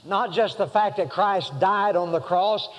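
Guy preaching a sermon, kinda high voice, lots of uh's and restarts, big echoey hall. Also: measured pace. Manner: rambling, many fillers and restarts, rising to emphatic passages.

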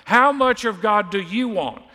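A man's voice: high voice, unhurried, pushed and bright, long reverb tail. A man preaching a sermon as pastor, stressing and repeating key words for emphasis.

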